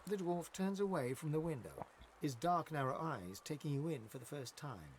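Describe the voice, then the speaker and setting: A man voicing the narrator of a fantasy video game, describing scenes in a measured, scripted way. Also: on the high side, expressive, a little hiss or hum, lightly acted.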